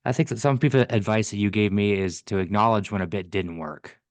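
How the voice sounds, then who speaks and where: A man's voice: lowish voice, steady tone, a little fast, no room sound. A man talking casually as a guest comedian on a podcast, with frequent restarts. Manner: conversational, with restarts and stumbles.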